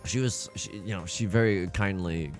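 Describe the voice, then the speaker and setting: A man's voice: deep voice, moderate pace, faint music behind. A young man casually commentating a tile game he is playing, rambling with self-mocking asides. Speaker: let's play host.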